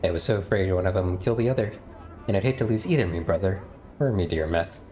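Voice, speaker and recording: A man's voice: sits low, quick pace, a little mellow, slight background noise, natural voice. A man reading the lines of a grateful young woman from a game in a plain read-aloud manner.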